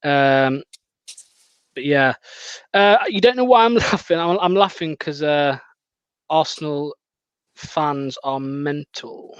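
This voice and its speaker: Male fan-channel host, chatty and hesitant, slightly high voice, dull lo-fi mic. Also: slow pace, long pauses, clean tone, dry recording. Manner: chatty, hesitant, laughs often. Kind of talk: casual live watchalong chat. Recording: dry, dull lo-fi sound.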